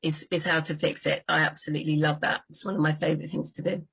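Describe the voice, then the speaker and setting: Lively chatty woman, husky voice. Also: low voice, fast talker, poor audio. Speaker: book doctor, host. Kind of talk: livestream chat about writing.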